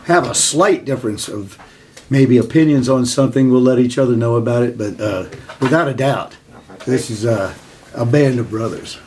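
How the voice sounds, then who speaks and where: An older man speaks earnestly about his band, reflective and unhurried, pausing with fillers. His voice sits at an ordinary pitch, with a faint hiss of noise behind him. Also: darkish tone. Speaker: band member. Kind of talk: interview.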